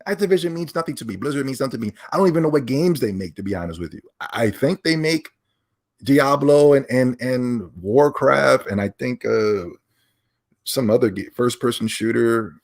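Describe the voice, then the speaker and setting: A man hosting his own podcast, talking alone in an animated, mocking, opinionated way. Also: mid-range voice, moderate pace, vocal fry. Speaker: podcast host. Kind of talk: casual solo rant.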